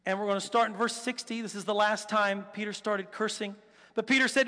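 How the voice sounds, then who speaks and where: A man preaching a sermon, telling the story with animated, acted-out quotes and rhetorical questions. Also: sits high, brisk. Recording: long hall reverb.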